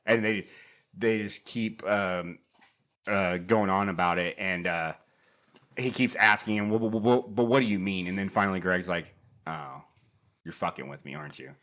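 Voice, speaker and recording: A man's voice: lowish voice, normal speed. A man co-hosting a podcast, casually recapping a film and acting out the characters' lines with plenty of swearing. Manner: animated retelling, acts out characters' lines, swears freely. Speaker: podcast co-host. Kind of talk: casual movie recap chat.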